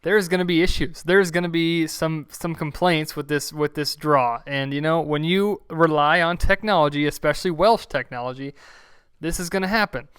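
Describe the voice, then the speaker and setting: A man with a slightly raised, smooth, resonant voice co-hosts a live stream. He speaks in a dry, measured way, close to the mic in a dry room. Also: on the high side, fairly bright tone, no echo. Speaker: co-host. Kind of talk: joking live-stream co-hosting.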